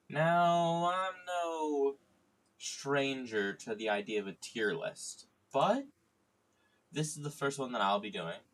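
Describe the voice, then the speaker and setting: A man's voice: on the low side, fairly bright tone. Joking, rambling young man streaming. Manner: joking, irreverent, swears freely; rambling with frequent fillers. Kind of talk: casual stream chat.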